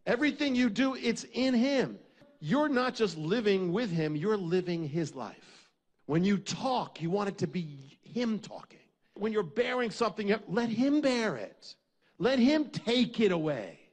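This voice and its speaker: A man's voice: high-pitched, sing-song, a little slow. A man preaching a sermon, with an emphatic, repetitive preaching cadence.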